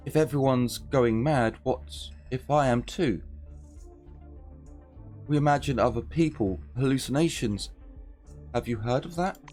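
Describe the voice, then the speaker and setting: A man's voice: medium pitch, unhurried, pauses often, a little mellow, faint music behind, pitched above the performer's own voice, natural voice. A man voicing a frightened, grieving woman survivor, talking anxiously and urgently. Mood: distraught.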